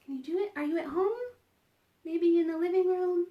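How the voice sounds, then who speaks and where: Woman, children's librarian, online storytime; high voice, animated and encouraging, in an echoey room. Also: fairly quick. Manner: animated and encouraging, with gasps of surprise and prompts to join in. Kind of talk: online storytime reading picture books to children. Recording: roomy echo.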